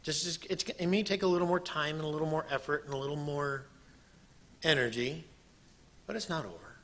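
A man who preaches a sermon, telling a personal story in an animated way and acting out what people said. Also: on the high side, brisk. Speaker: preacher and missionary.

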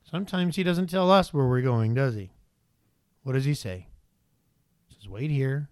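A man's voice: medium pitch, animated, normal speed, clean tone, no room sound. A male pastor preaching a sermon in a conversational way, often turning to the congregation with rhetorical questions.

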